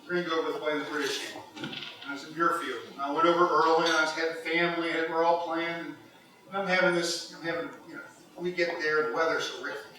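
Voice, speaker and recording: Speaking at a quick pace in a fairly high voice, this golf hall of fame inductee, a middle-aged Cincinnati native, delivers his induction speech as a lively storyteller who laughs frequently. The mic is far off in an echoey hall, with slight background noise.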